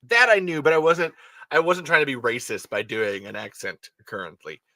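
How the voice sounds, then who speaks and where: A man's voice: medium pitch, big pitch swings, moderate pace, sharp tone, dry recording. A man hosting a podcast, reading a story aloud with casual, rambling asides and frequent self-corrections. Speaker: podcast host.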